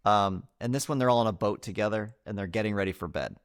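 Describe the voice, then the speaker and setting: A man's voice: on the low side, fast talker, clean tone. A man in his thirties co-hosting a podcast in casual chat, laughing often and slipping into playful voices. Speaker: podcast co-host.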